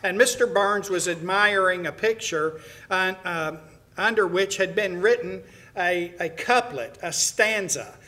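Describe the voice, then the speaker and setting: A man's voice: high-pitched, measured pace, sharp tone. A middle-aged man preaching to his congregation, telling a story in a folksy way with many "uh"s and restarts. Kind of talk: sermon to a congregation.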